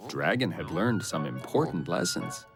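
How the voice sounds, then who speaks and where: Brief: woman narrator, extremely low voice, lively intonation, storybook cartoon read over music. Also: moderate pace.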